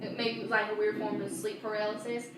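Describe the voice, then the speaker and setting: A woman's voice: mid-range voice, little pitch movement, fast talker. A young woman casually telling a story, rambling with many fillers and restarts. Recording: very echoey room, far from mic, faint noise.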